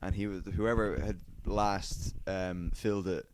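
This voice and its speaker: Low-voiced man telling a story. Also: steady tone, measured pace, dry recording. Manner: swears a lot, acts out quotes in a raised voice. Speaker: podcast co-host. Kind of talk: casual chat, storytelling.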